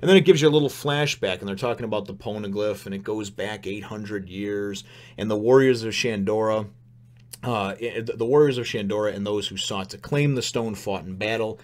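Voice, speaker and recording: A man giving a casual spoken review of a comic chapter, rambling and excitable, often chuckling and restarting his sentences. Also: on the low side, a little fast.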